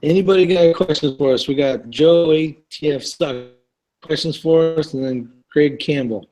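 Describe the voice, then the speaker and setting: A man's voice: on the high side, moderate pace, mellow, rough recording. A man hosting an online live chat, talking casually, rambling a little and laughing often.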